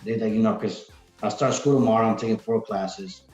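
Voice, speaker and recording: A man's voice: on the low side, steady tone, fairly quick, darkish tone, soft background music. A man, a podcast guest, chatting casually and energetically, rambling with lots of "like" and "man". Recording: roomy, dull lo-fi sound.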